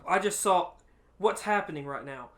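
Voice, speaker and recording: Excitable bright-voiced man telling a story. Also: high-pitched, moderate pace. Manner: excitable, laughs often, acts out quotes loudly. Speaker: podcast co-host. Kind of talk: casual storytelling chat.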